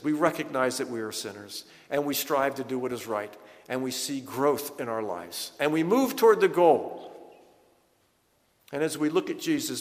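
A man preaching a sermon in an earnest, emphatic way, slowing down to stress key words. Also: fairly high pitch, fairly bright tone, long reverb tail. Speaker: pastor.

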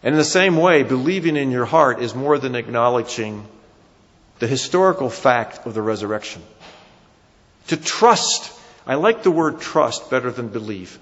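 A man's voice: medium pitch, animated, normal speed, a bit bright. A man with a New Jersey accent preaching a sermon, emphatic, his voice rising and falling for emphasis. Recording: dull sound with long hall reverb.

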